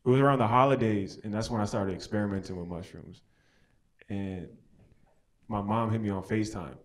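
Doing stand-up for a small crowd in an outdoor alley, this young American man talks a little fast in a low, steady voice. He keeps it slangy and loose, plays off the audience and cracks himself up.

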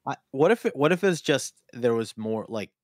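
A man's voice: mid-range voice, expressive, moderate pace, dry recording, studio quality. A man co-hosting a live improvised comedy stream, hesitant and full of fillers and restarts, talking into a desk mic. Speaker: co-host.

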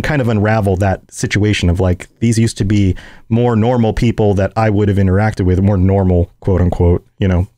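A man with a fairly low voice talks casually on a podcast, thinking aloud in a relaxed, easygoing way. The sound is dry, with no room echo. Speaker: podcast co-host. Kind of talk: casual chat about game lore.

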